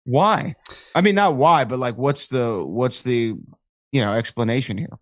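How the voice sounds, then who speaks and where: A man's voice: mid-range voice, measured pace, dry recording, studio quality. A man guesting on a live podcast by call, bantering playfully and teasing about sports rivalries. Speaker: podcast guest, author and wrestling announcer. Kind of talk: casual interview chat.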